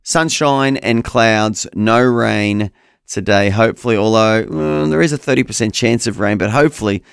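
A man's voice: on the low side, moderate pace, vocal fry, smooth, dry recording. A man co-hosting a breakfast radio show, upbeat, chatty and enthusiastic, on a studio microphone. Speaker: radio co-host. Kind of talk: casual breakfast radio chat.

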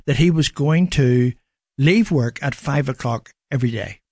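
A man's voice: mid-range voice, moderate pace, darkish tone, dry recording, studio quality. A man with an Irish accent, a guest on a radio show, telling a story with lots of "you know" fillers. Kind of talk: radio studio interview.

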